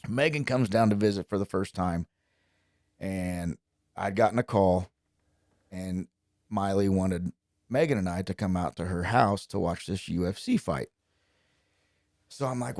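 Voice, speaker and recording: A young man from Indiana, a country singer, telling stories as a guest in relaxed, chatty conversation. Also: sits low, a little slow, long pauses, no echo, clean studio sound. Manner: relaxed, chatty, lively when quoting people. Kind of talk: casual storytelling.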